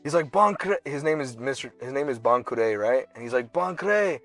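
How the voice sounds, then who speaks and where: Animated young man telling a story. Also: medium pitch, a little fast, dry recording, faint music behind. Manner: animated storytelling, slangy, acts out characters in bursts. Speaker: podcast co-host. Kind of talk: casual chat.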